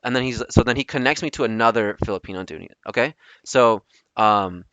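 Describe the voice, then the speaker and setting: A man's voice: fairly low pitch, brisk, fairly bright tone, no room sound, highs cut off. A young man hosting a casual storytelling podcast, rambling with lots of ums and restarts. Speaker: podcast host.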